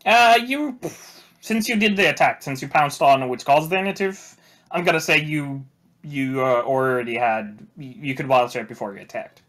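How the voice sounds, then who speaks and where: Man, game master, bright tone, stop-start narration. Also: medium pitch, animated. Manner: halting, full of restarts and fillers.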